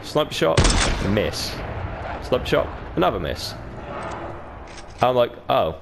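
His creaky, mid-range voice moves slowly with big pitch swings as he talks over his own gameplay. The gaming YouTuber is relaxed, swears a great deal, and does impressions of others. There's noticeable background noise.

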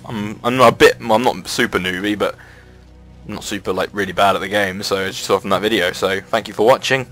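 Excitable, foul-mouthed male gamer commentator. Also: brisk, soft background music, rough recording. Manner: excitable, swears freely, jumps up in pitch at exciting plays. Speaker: gamer commenting his own match replay. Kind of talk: casual gameplay replay commentary.

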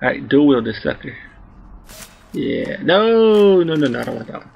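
A man in his twenties rambling through a story while commenting on his gameplay, excitable and swearing freely. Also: mid-range voice, normal speed, creaky, highs cut off. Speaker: let's play host.

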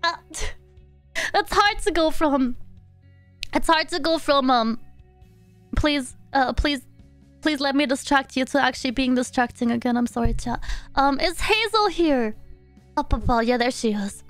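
Young woman streamer gabbing with chat, high voice, dry close mic. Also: animated, measured pace, pauses often, dry recording. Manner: chatty, playful and sympathetic, talking to chat. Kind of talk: casual live-stream chat while gaming. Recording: dry close mic, faint background music.

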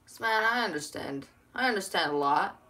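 A woman bantering with a friend while playing a video game, teasing and swearing, laughing often and now and then shouting. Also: medium pitch, lively intonation, moderate pace, slight background noise. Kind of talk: casual gaming banter.

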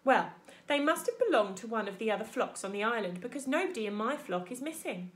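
A woman voicing a blunt, motherly old female goose who talks in a brisk, scolding way, reading a storybook aloud. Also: a little high, lively intonation, natural voice.

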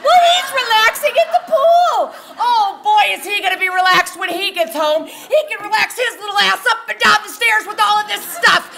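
A woman voicing an enraged mother who shouts and scolds her children about their messy rooms. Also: big pitch swings, a little slow, background noise. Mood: shrieking furious. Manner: shrill, shouting, sarcastic.

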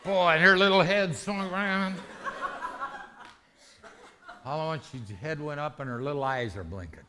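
A man preaching a lively testimony sermon, telling a story with shouts and laughter. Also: fairly high pitch, normal speed, noisy background. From rural ranch background.

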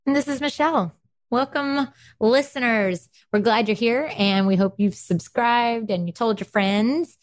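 A woman's voice: a little high, measured pace. Woman, South Carolina accent, chatty, laughing, podcast co-host. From South Carolina, USA. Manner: chatty, laughing, animated storyteller. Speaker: podcast co-host, dental hygienist. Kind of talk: casual chat.

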